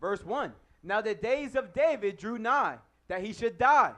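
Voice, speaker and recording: A man reading Bible verses aloud slowly and loudly, each phrase spoken carefully. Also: high voice, expressive. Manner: slow, loud, careful reading of old-fashioned verse. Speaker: scripture reader.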